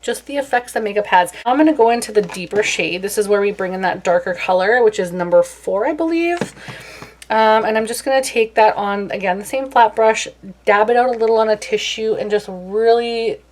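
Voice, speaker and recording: A young woman talks her way through a makeup tutorial in a loose, chatty manner. She pokes fun at herself now and then, and her pitch sits in an ordinary middle range. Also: fairly quick, darkish tone, slight background noise. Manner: casual and chatty, self-deprecating. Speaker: beauty vlogger.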